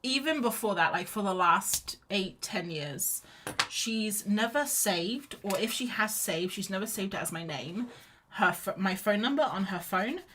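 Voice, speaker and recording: A woman's voice: mid-range voice, lively intonation, measured pace, a bit bright, breathy edge. A young woman chatting in a rambling, casual way while she sketches on a livestream, with lots of fillers and restarts. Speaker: livestream artist.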